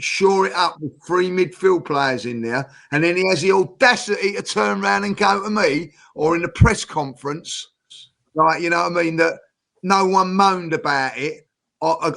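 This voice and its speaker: A man's voice: high-pitched, creaky, bright, forceful tone. A man ranting indignantly on a football fan panel, firing off rhetorical questions. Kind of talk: heated panel talk.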